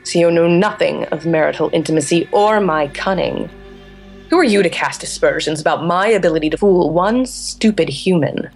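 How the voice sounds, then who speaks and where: A woman's voice: on the low side, normal speed, darkish tone, soft background music, natural voice. A woman voicing a regal, scheming female bee queen who speaks in an imperious, teasing way. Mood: scornful.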